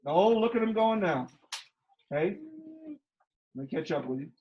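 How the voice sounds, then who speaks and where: A man's voice: high-pitched, expressive, moderate pace. Teasing man teaching math, muffled. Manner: emphatic, repeats key steps, teasing and sarcastic with students. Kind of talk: classroom teaching. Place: classroom.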